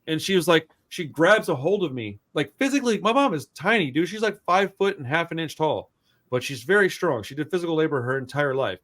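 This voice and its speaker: A young man with a voice sitting a little high for a guy tells stories on a casual podcast. He swears freely and gets animated, acting out every quote. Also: fairly quick. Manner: animated, profane, acts out quotes. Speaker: podcast co-host. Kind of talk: casual storytelling chat.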